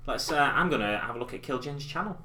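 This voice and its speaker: A man's voice: medium pitch, lively intonation, quick pace, bright, forceful tone. A man in his thirties chatting casually and rambling as he hosts a painting live stream at a desk mic. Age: 30s. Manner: rambling, self-deprecating, chatty. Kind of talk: casual chat while painting miniatures. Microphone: desk mic in front of keyboard.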